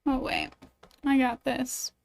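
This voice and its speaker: A bubbly woman streamer with a somewhat high voice, reading a magic dating game aloud at an unhurried pace. She chats with her viewers in between, giggly and self-deprecating. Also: little pitch movement, creaky.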